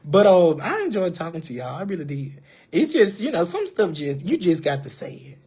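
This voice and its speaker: A woman's voice: fairly low pitch, big pitch swings, normal speed, mellow, breathy edge. A woman in a casual live-stream monologue, speaking straight to her viewers with emphatic, preachy advice, repeating phrases and calling them "baby". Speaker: livestreamer.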